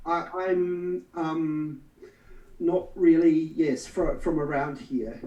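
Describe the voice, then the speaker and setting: A man's voice: a little high, steady tone, slow, dark tone, reverberant, recorded from a distance, muffled recording, a little hiss or hum. A man playing a nervous young warlock in a tabletop role-play, stammering and hesitant. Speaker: player.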